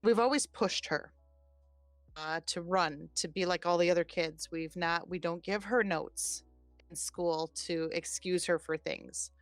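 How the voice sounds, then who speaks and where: A woman in her forties, a podcast host, telling a personal story in an animated, chatty way. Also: lowish voice, a little slow, no room sound, faint music behind. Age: 40s. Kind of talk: casual storytelling chat.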